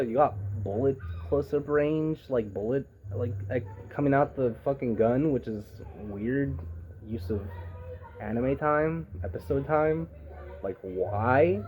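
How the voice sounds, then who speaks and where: A man talks through an anime episode in a loose, rambling review, cursing often and getting worked up. His voice sits at an ordinary middle pitch, with a faint noise under the recording. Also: dull audio. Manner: profane, rambling, excitable. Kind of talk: casual review rant.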